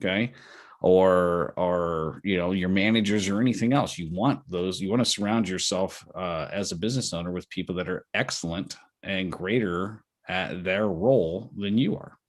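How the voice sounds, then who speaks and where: A man's voice: low voice, normal speed, no room sound. A man hosting a business mastermind call, giving folksy, encouraging advice with many fillers and restarts. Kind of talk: casual coaching talk.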